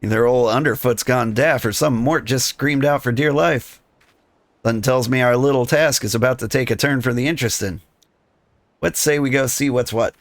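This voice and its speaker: A man voicing a sly male rogue, talking in rough thieves' slang. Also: medium pitch, normal speed, no room sound, lightly acted. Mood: scheming. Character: gruff male rogue guild member, sly and streetwise. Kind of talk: reading game dialogue aloud.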